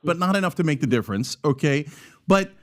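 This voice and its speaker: Male podcast guest, high and very animated pitch, argumentative. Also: brisk. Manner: emphatic, mocking, argumentative. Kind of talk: heated political debate.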